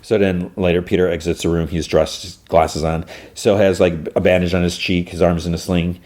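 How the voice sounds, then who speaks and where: A man hosting a podcast, loosely retelling an episode with plenty of fillers. His voice is low and mellow, easygoing and rambling. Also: flat delivery, normal speed. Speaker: podcast host. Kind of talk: casual episode recap.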